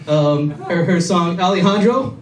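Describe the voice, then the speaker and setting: A man with a fairly high voice works through a stand-up set, rambling and self-mocking, stumbling over restarts. He is caught from far back in the club, so his voice sounds distant and roomy. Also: unhurried. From Illinois. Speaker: stand-up comedian. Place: comedy club stage with a laughing audience. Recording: echoey club audio from a distant camera.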